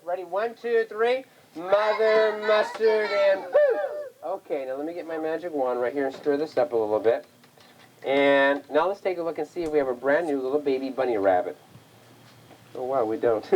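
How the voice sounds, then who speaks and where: A woman's voice: on the low side, darkish tone, rough recording. A woman performing a magic show at a children's birthday party, coaxing and singsong as she gets the kids to chant along, recorded on a 1980s home camcorder.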